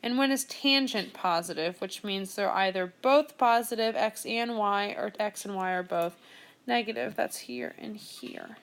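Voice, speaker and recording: A woman's voice: medium pitch, unhurried, creaky, clean tone. A young woman teaching a math lesson, talking through each step as she works problems aloud. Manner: steady step-by-step explaining, thinking aloud. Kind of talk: screen-recorded math lesson.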